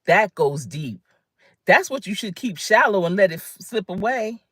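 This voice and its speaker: A woman's voice: mid-range voice, expressive, moderate pace, fairly bright tone, husky, dry recording, clean studio sound. A woman in her fifties, a career coach, giving an emphatic, conversational motivational talk on a livestream and greeting viewers by name. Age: 50s.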